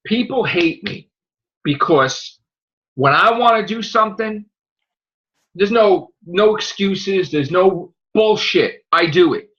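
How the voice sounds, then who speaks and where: A man holds forth on his podcast in a bright, sharp voice that swings wildly up and down, profane and combative, circling back to the same points again and again. He is getting over an illness. The audio is muffled and lo-fi. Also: high voice, animated, takes it slowly. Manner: profane, combative, repetitive ranting. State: recovering from illness. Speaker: podcast host. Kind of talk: casual podcast rant.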